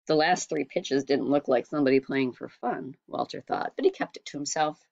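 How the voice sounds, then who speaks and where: A woman reading a storybook aloud in a steady, measured way. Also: low-pitched, creaky, dry recording, muffled recording. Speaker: audiobook reader. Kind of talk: storybook narration.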